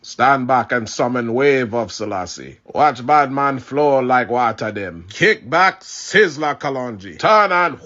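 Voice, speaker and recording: Guy doing a slow chanting rasta kung fu dude, boastful, dull lo-fi sound. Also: medium pitch, animated, sharp tone. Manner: chanting, boastful, clipped commands.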